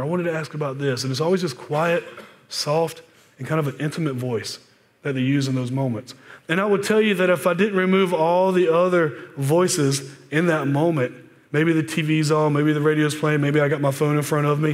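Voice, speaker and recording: A pastor in his forties giving a conversational sermon, often dropping to a soft, hushed voice. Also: on the high side. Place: church sanctuary. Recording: long church-hall reverb.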